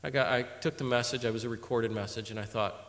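A man preaching a sermon, telling stories animatedly, swinging between loud exhortation and quiet asides. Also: medium pitch, fairly even intonation, quick pace. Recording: reverberant hall.

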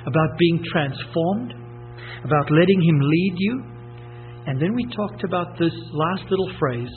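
A man's voice: a little high, lively intonation, a little slow, faint music behind. A man preaching a sermon emphatically, repeating key phrases and asking rhetorical questions. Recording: tinny phone-like sound with hum.

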